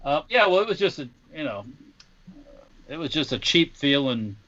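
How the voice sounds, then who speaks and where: Male co-host, rambling and dry-sarcastic, lively pitch; muffled remote line. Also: normal speed. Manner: sarcastic, rambling, restarts phrases. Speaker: podcast co-host who works in a gun shop. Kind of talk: casual podcast chat.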